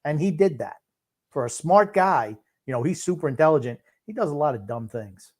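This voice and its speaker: A man co-hosting a sports podcast and reacting to a live game in casual chat, dry and gruff, with long pauses between thoughts. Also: a little high, animated, darkish tone. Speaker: podcast co-host. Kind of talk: casual sports commentary while watching a game.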